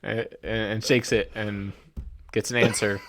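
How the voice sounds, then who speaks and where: A man's voice: lowish voice, level tone, measured pace, noisy background. A young man co-hosting a podcast, chatting casually about a movie, rambling with restarts and mock quotes. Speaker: podcast co-host. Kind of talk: casual movie review chat.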